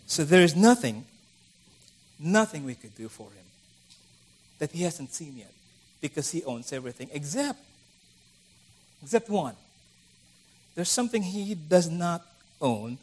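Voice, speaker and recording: A man's voice: a little high, very animated, a little slow, pauses often, breathy edge. A middle-aged man preaching a conversational sermon, acting out the voices of the people he quotes.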